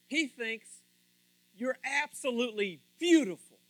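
A man's voice: very high voice, lively intonation, unhurried, dry recording. A man preaching a sermon to his congregation in a playful way, speaking to people directly by name. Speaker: pastor. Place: church before a congregation.

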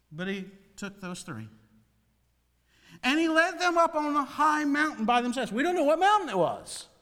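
Animated male preacher in a reverberant hall. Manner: animated preaching with dramatic swings in pitch and loudness. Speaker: pastor. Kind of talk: sermon.

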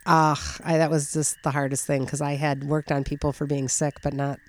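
A woman, an energy healer being interviewed, tells a personal story in a heartfelt, halting way, close to tears and full of fillers. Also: low-pitched, flat delivery.

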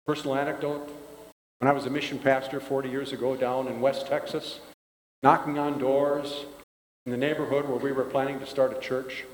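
Older pastor preaching in a reverberant church. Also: male voice, medium pitch, flat delivery, brisk, a little hiss or hum. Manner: folksy, conversational storytelling. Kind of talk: sermon. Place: church sanctuary. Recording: echoey church hall.

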